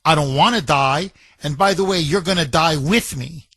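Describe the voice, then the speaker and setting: A man voicing a wary, reasonable frog in a spoken fable, talking quickly as he reasons things out. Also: fairly high pitch, a bit bright, breathy edge, no room sound.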